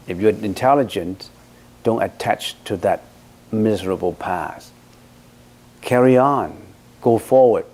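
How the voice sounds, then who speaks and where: A man's voice: medium pitch, darkish tone. Emphatic man giving a dharma talk. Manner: emphatic, with rhetorical questions. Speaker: Buddhist teacher. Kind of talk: dharma talk answering questions.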